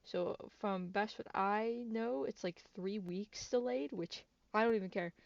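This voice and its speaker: A woman hosting a gaming channel rambles through game news in a chatty way, giggling and restarting often. Congested from a cold, she speaks at medium pitch, a little slowly, with a gravelly voice. The recording is dry, dull and lo-fi.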